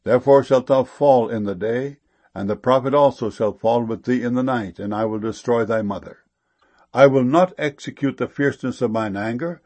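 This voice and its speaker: A man giving a solemn scripture reading in a slow, measured way. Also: medium pitch, darkish tone. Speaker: scripture reader.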